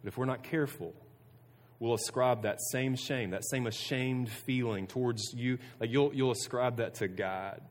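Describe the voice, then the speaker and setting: A youth pastor giving a casual sermon to students, earnest and conversational, often restarting sentences. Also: male voice, mid-range voice, normal speed. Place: room with a student audience. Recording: long reverb of a hall.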